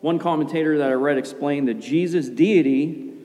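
Calm, low-key middle-aged male pastor. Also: moderate pace. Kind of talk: sermon. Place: church sanctuary. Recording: long hall reverb.

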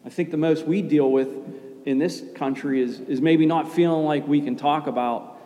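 Middle-aged male pastor, mellow low-key sermon delivery, big reverberant church. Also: normal speed. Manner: calm and low-key, not animated. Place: church sanctuary. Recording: long hall reverb.

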